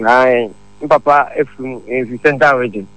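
A man's voice: mid-range voice, moderate pace, fairly bright tone, dry recording, poor audio. A man calling in to a radio show and telling a long, rambling story. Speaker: caller. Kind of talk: phone-in chat.

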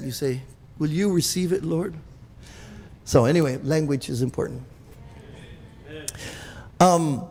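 A man's voice: fairly high pitch, darkish tone, in a large hall. A man preaching a sermon in an emphatic, repetitive way, stumbling and restarting often. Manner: emphatic, repetitive, with many restarts and stammered repeats. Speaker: pastor.

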